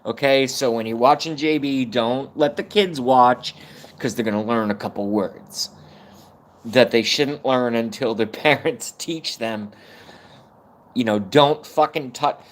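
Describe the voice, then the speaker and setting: A man's voice: mid-range voice, unhurried. A man hosting his own live stream, talking in a blunt, profane, rambling monologue and holding back tears at times. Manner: profane, blunt and swings between energy and fighting tears. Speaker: YouTube livestream host.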